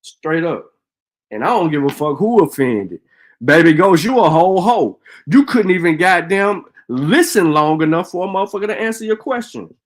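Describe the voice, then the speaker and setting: Profane, combative man with lively pitch. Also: normal speed. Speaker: live stream host. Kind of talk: heated live stream rant.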